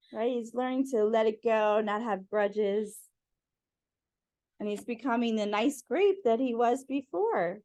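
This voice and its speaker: A woman's voice: fairly high pitch, unhurried, mellow, no room sound. A woman reading picture books aloud to children, chatting to them between pages. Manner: friendly, addressing kids directly. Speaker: storyteller.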